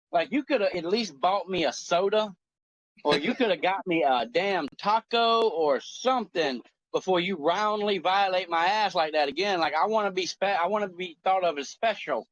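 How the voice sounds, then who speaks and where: A man in his forties on a talk show, telling a story in an animated, profane, joking way. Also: sits high, moderate pace, no echo, muffled recording. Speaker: co-host. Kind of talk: casual chat.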